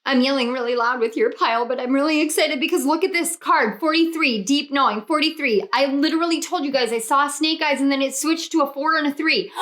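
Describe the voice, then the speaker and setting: A woman's voice: sits high, fairly quick, hardly any pauses. A young woman doing a pick-a-card tarot reading, gushing and exclamatory as she speaks to her viewers. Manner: gushing, excitable, spiritual, exclamatory. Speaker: tarot reader.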